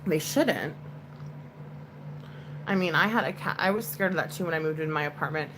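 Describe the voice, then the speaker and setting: A woman's voice: low voice, a little fast, noisy background. A woman hosting a casual livestream chat, talking to viewers in a chatty, comforting way with lots of "like" fillers.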